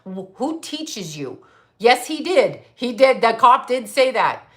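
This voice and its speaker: A woman's voice: on the high side, sing-song, slow, a bit bright. A middle-aged woman from Canada hosting a psychic livestream, ranting bluntly with heavy swearing and answering viewer comments. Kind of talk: livestream monologue.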